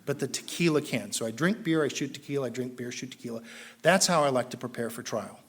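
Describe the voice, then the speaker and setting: A middle-aged man with a Southern Californian accent, telling his recovery story at a meeting and acting out the people in it, rising loud and high when excited. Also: fast talker, a little hiss or hum. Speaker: AA speaker.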